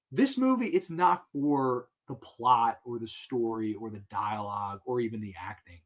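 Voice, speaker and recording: A man's voice: medium pitch, moderate pace, a bit bright. Rambling, enthusiastic man, lo-fi audio. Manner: enthusiastic, rambling with fillers and restarts. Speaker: host of a film talk show. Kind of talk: casual film commentary.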